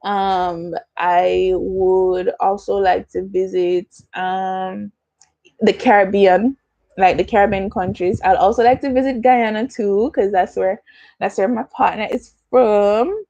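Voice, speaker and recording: A woman's voice: medium pitch, fairly even intonation, takes it slowly, creaky, dark tone, dry recording, dull audio. Chatty young Jamaican woman, dry sound. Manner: chatty, slips into patois, answers viewer comments. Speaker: YouTuber hosting a livestream Q&A. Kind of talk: casual livestream chat.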